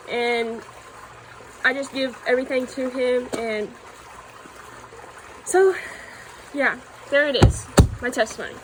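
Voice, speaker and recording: Earnest woman, a touch high-pitched, telling her faith testimony haltingly, with a soft water trickle behind. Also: noisy background. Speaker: church youth member giving testimony. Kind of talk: personal testimony.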